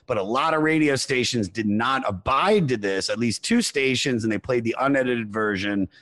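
Relaxed man reading notes aloud. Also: medium pitch, normal speed. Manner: relaxed, reads notes with fillers. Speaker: podcast co-host. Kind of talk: casual chat, reading facts aloud.

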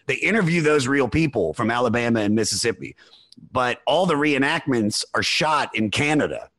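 A man hosting a podcast, telling rambling stories in excited casual chat. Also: mid-range voice, normal speed, no room sound. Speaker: podcast host.

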